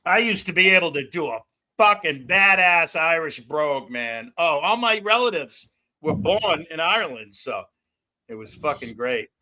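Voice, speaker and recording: A loud, excitable middle-aged man rambling through profane casual chat as a livestream host. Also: fairly high pitch, normal speed. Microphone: no headphones.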